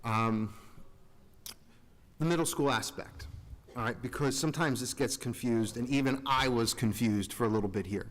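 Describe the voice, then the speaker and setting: Speaking at medium pitch and normal speed, a man in his 40s on the board makes remarks at a public meeting. The large school meeting room gives his earnest, rambling, self-interrupting words a long hall echo.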